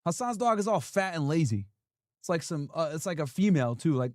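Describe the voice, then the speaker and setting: Animated man bantering on a livestream. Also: fairly high pitch, brisk, over loud music. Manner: playful scolding banter, slangy, repetitive. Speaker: livestream host. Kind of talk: casual livestream chat.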